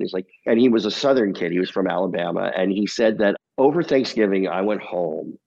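A man, a TV comedy producer, talking as a guest in a casual interview, telling lively stories, laughing often and swearing casually. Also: lowish voice, quick pace, gravelly, few pauses, lo-fi sound.

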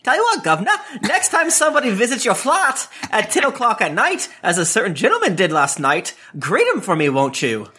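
A man's voice: sits high, wildly swooping pitch, brisk, hardly any pauses, bright, forceful tone, husky, pitched above the performer's own voice, exaggerated voice. A man voicing a smug, showboating male billionaire villain with a mock Cockney accent. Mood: smug menace. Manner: showboating, menacing.

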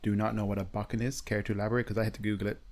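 Quick talking guy on a podcast cracking jokes in between. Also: fairly low pitch, level tone, darkish tone. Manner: quick, joking interjections. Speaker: podcast co-host. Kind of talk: casual chat.

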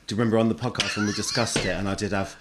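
A man's voice: on the low side, level tone, racing, heavy background noise. A man co-hosting a podcast, chatting and telling a story with plenty of laughter. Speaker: podcast co-host. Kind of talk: casual chat.

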